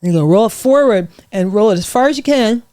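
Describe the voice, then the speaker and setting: A middle-aged woman coaching vocal warm-ups with bright encouragement, her voice sitting at an ordinary middle pitch. The sound is dry and close, with no room around it. She demonstrates and cheers her student on as she goes. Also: expressive, fast talker, no room sound. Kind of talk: guest leading vocal warm-up exercises. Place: podcast studio.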